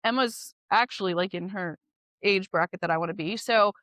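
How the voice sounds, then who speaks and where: A woman talks with a bright, forceful voice in a relaxed interview. She is an animated, candid real estate agent who laughs easily. The sound is dry and close. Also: mid-range voice, moderate pace, no room sound. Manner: goal-driven, candid. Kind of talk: casual interview chat.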